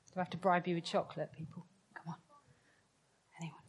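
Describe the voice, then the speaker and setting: A woman giving an interactive sermon to her congregation. She jokes with the crowd, then slows right down to press her points. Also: lowish voice, level tone, husky. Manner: playful and joking with the crowd, then slow and emphatic. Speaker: preacher. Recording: long hall reverb.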